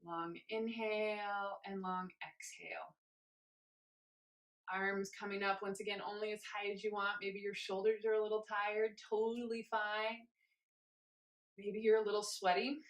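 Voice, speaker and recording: Female movement teacher, mid-range voice, gently cueing steps and chanting counts while she moves, recorded in a roomy, echoey space. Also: medium pitch, flat delivery, a little slow. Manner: talks while moving along with the exercise. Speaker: movement instructor. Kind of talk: guided movement class.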